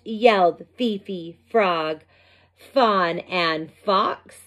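A woman, a preschool teacher, reading a picture book aloud to young children and pausing for asides to them. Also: medium pitch, fairly bright tone. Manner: slow, drawn-out storytime voice with asides to the children.

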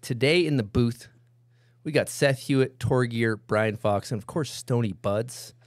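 A man's voice: mid-range voice, a little slow, no room sound. An upbeat man hosts a loose podcast show and keeps the banter moving with his guests. His voice sits in a middling register and sounds close and dry on a studio mic. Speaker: podcast host. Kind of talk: casual chat.

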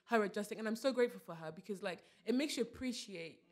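Fast-talking woman. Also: mid-range voice. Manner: animated, restarts often, quotes her mum in voices. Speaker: podcast co-host. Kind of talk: casual chat.

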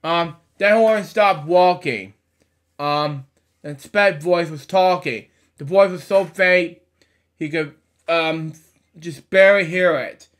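A man's voice: a little high, slow pace, a bit bright. A man reading a children's picture book aloud, stumbling over words and breaking off for chatty side comments. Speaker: storybook reader.

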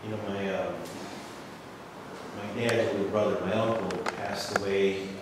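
A man with a low voice tells a personal story from the audience. He rambles and restarts, and he grows lively when quoting people. He sounds far from the mic in a long-reverb hall with clear room noise. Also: unhurried. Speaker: audience member sharing a story. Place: assembly hall.

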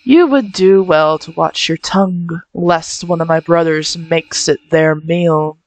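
A woman's voice: low-pitched, a little slow, low-quality recording. A woman voicing a haughty, threatening male talking dolphin in a video game, speaking in formal, smug phrases. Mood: smug menacing.

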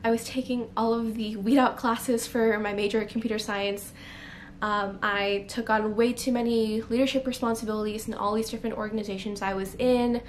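This is a confessional vlog in which a young woman tells an emotional personal story to camera, candidly, with many fillers and moments close to tears. Her voice sits on the high side with fairly even intonation at normal speed, and there is slight background noise.

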